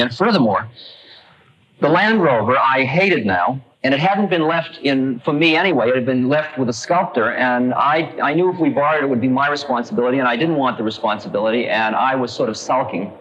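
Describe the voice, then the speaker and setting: A man's voice: mid-range voice, a bit bright, lo-fi sound. A man in his thirties from the United States, giving a lecture as a wry, conversational storyteller in a 1969 recording. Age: 30s.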